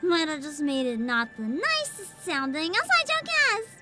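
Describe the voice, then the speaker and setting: A woman streaming a video game in casual chat, excitable, often shrieking, laughing and swearing. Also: very high voice, moderate pace. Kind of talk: casual gaming livestream. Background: game music.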